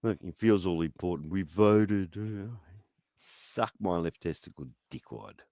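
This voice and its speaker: Angry male streamer, profane taunting rant, low voice, dry mic. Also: unhurried, a little mellow, no room sound. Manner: profane, taunting, goading questions.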